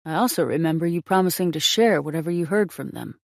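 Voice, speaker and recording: A woman reading the lines of a flat, deadpan male detective in an audiobook, in a plain voice close to her own. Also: sits low, quick pace, creaky, no room sound. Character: man, flat dry-witted detective. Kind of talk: audiobook character voice.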